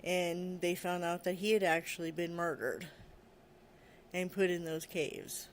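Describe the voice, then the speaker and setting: A podcast host telling a story in a loose, conversational way. The voice sits at an ordinary middle pitch, and the telling is packed with "you know" and "like," with small laughs slipping in between. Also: fairly even intonation, measured pace, slight background noise. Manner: laughs now and then while telling. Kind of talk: casual storytelling.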